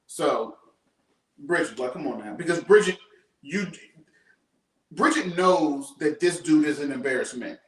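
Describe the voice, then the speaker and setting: A man's voice: on the high side, lively intonation, measured pace, pauses often. A man giving his frank take in a casual talk about a TV episode, working his thoughts out as he speaks. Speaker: co-host. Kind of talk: casual chat. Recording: roomy, distant mic.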